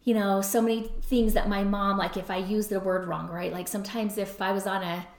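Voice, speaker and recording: A woman's voice: mid-range voice, little pitch movement, brisk. Middle-aged woman giving advice on a podcast, chatty, keeps saying right?, echoey room. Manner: conversational, frequent "right?" tag questions. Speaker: podcast host and counselor. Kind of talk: advice talk. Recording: roomy echo.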